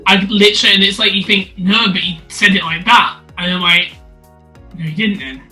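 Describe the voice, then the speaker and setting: A high-voiced man with a very bright, sharp tone, co-hosting a casual chat. He reacts with loud, dramatic astonishment, and faint music plays behind him. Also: a little fast. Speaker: co-host.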